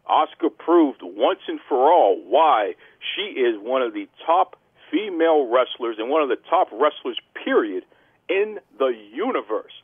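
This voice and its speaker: Loud cocky guy hosting a podcast, husky voice, sounds like it's over a phone line. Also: on the high side, no echo. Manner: boastful, theatrical heel persona. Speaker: podcast host. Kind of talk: brash wrestling podcast talk.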